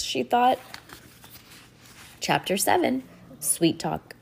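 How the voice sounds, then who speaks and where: A woman's voice: fairly low pitch, slow, vocal fry. A woman who is a little sick reading a children's chapter book aloud and chatting about the story between passages. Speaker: reader.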